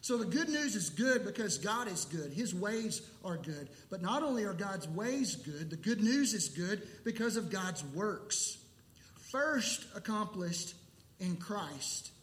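A man delivers a sermon in a high, clear voice, leaning on words with deliberate pauses. He speaks slowly. The sound carries the echo of a large church sanctuary. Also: big pitch swings, a bit bright. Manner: emphatic, deliberate preaching with pauses. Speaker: pastor.

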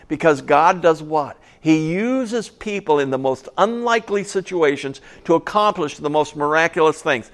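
A man preaching a conversational sermon, telling a Bible story with folksy, animated asides. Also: fairly high pitch, moderate pace, few pauses.

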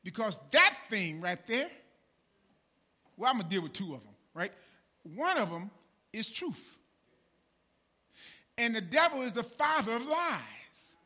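A pastor preaching a sermon in a conversational way, peppering his lines with "man" and "right?" and swinging from low asides to shouted emphasis. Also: big pitch swings, unhurried, pauses often.

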